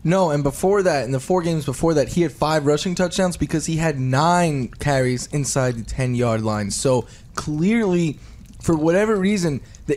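A man's voice: fairly high pitch, a little mellow. A man working as a sports analyst in a casual chat, thinking aloud in long reasoned runs. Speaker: fantasy football analyst.

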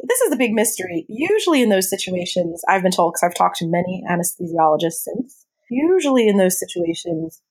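A woman speaks as an interview guest, recounting a personal story in a candid, animated way. She laughs often as she talks. Her voice sits at an ordinary middle pitch. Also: breathy edge.

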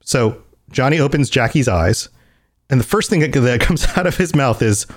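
Animated man retelling a game plot. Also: medium pitch, moderate pace. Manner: animated storyteller who acts out quoted lines. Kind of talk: casual chat about a video game.

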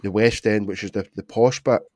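A man's voice: lowish voice, steady tone, a little fast, a little mellow, no room sound, studio quality. A man with a Glaswegian accent hosting a casual chat, asking questions with frequent restarts. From Scotland. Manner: conversational, questioning, stumbling restarts.

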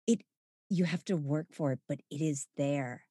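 A woman hosting a casual talk, excitable and thinking out loud, with frequent restarts as her thoughts run ahead. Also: low voice, moderate pace, breathy edge, no room sound, studio quality. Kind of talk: casual conversation.

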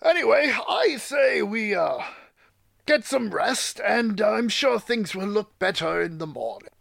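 A pompous adventurer, as a man puts him on in a tabletop game, grandiose and florid. His high voice swoops widely, gravelly in a dry, close-sounding space. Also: very animated, a little slow, a bit bright, no room sound, full character voice. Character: pompous, self-assured male adventurer.

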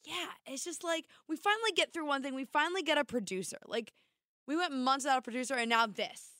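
A woman with a slight New Jersey accent co-hosting a radio podcast in a casual, teasing, loud way. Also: high voice, fast, dry recording, clean studio sound. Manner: loud, teasing, talks in bursts. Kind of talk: casual chat.

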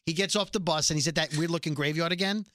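A man casually recapping a TV episode, telling it in an animated way and acting out the characters' lines. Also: fairly high pitch, fast, dry recording, clean studio sound. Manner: animated storytelling, acts out quotes.

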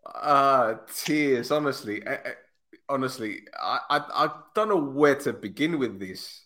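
A man co-hosting a casual football podcast over a remote call, easily amused and quick to break into big laughs. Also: medium pitch, lively intonation, sharp tone. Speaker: podcast co-host.

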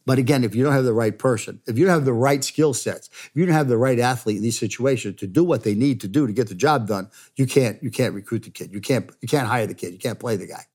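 An older man, a former football coach and executive, telling stories and giving advice in an interview, animated and laughing as he talks. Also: mid-range voice, fast, hardly any pauses, breathy edge. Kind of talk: storytelling interview answers.

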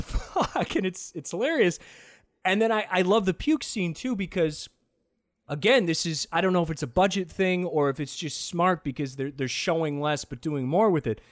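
Animated, profane man reviewing films. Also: sits high, a little fast, no echo, studio quality. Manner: animated, profane, laughs often. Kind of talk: casual film review chat.

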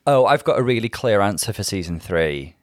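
A man's voice: fairly low pitch, sing-song, a little fast, no room sound, studio quality. A man co-hosting a casual chat, talking things through in a thoughtful, analytical way. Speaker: podcast co-host.

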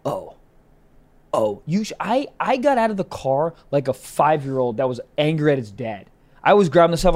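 A man, a comedian and podcast co-host, telling a story in casual chat, animated and cursing often. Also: fairly high pitch, moderate pace. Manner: animated storyteller, swears a lot.

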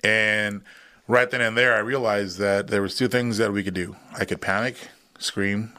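A man with a lowish voice tells his story in a casual, animated way. He is a podcast guest who jumps into the voices of the people he is quoting, and his pitch climbs as he does. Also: normal speed. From United States. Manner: animated retelling, acts out quoted voices.

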